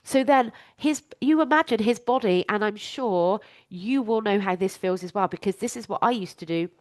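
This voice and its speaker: A woman's voice: mid-range voice, moderate pace, darkish tone, no echo, clean studio sound. A woman, a life coach hosting her own podcast, talking candidly and emphatically, swearing freely.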